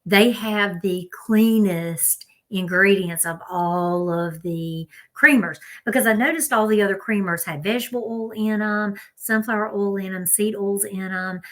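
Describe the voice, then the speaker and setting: A woman's voice: mid-range voice, fairly bright tone. A woman with a Southern US accent, talking casually and directly to her viewers as she runs through food advice. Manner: chatty, direct, talks to viewers as "y'all". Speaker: health vlogger.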